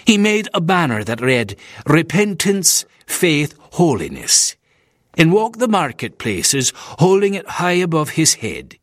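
A man's voice: on the high side, wildly swooping pitch, slow pace, a bit bright, no room sound, clean studio sound, voice pushed up, heavily acted. A man voicing a stiff, disapproving Methodist minister with a Scottish accent in an audiobook.

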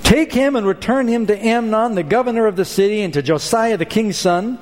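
A man's voice: high voice, brisk, voice pushed up, close to an everyday voice. A man preaching who voices an irritated king, scornful and commanding. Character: irritated, dismissive male king. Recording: long hall reverb.

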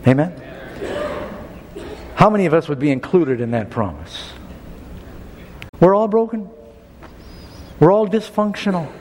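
A man's voice: fairly high pitch, a little mellow. A middle-aged man preaching a sermon, telling a story and then building to a rhythmic, preacherly appeal. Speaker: pastor. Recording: long reverb of a large hall.

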